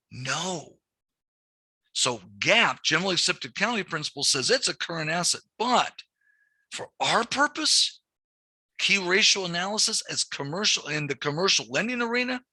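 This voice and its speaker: In a dry recording, a middle-aged man teaches commercial lending through an anecdote-filled classroom lecture. He keeps it conversational, often restarting and repeating himself, his slightly high voice sounding pushed and bright.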